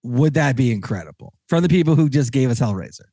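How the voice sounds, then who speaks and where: A man hosting a casual podcast chat with a Texan accent, rambling and excitable, with many restarts. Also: mid-range voice, fast talker, no echo, studio quality. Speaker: podcast host.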